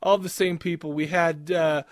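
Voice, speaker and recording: A man chatting casually on a podcast, rambling and laughing at his own crude jokes. His voice sits a little high. The mic is close and the sound is dry. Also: steady tone, normal speed, no echo. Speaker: podcast co-host. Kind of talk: casual chat.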